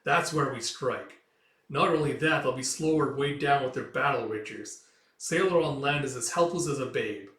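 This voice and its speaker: Man reading as a plotting greedy lord, calm musing tone, echoey far-off sound. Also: mid-range voice, moderate pace, close to an everyday voice. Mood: scheming. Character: scheming greedy male noble, self-satisfied. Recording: roomy, distant mic.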